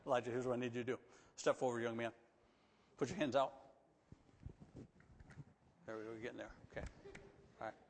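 A man preaching a sermon in a church, animated, swinging from loud emphatic lines to soft, coaxing asides. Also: mid-range voice, brisk, pauses often, a little hiss or hum. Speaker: pastor. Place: church sanctuary. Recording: long reverb of a church hall.

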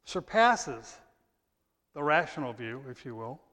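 A man preaching a sermon in a conversational way, reading scripture loudly and emphatically, then dropping to quiet asides. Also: mid-range voice, sing-song, measured pace. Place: church sanctuary. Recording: long church reverb.

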